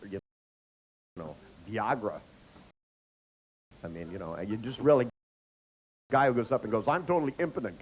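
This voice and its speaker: A man's voice: fairly low pitch, slight background noise, low-quality recording. A man performing a profane, ranting stand-up comedy monologue.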